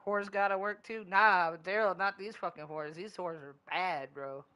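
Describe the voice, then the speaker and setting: Bright-voiced profane man streaming. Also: high voice, fairly even intonation, normal speed, smooth. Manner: profane, loose and rambling. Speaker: gaming streamer. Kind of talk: casual chat while gaming.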